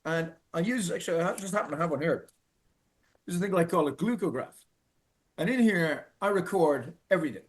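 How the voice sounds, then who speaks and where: A middle-aged Irish man telling a personal story in an earnest, halting way, restarting and repeating phrases for emphasis. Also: fairly high pitch, expressive. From Ireland. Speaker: speaker telling his own story.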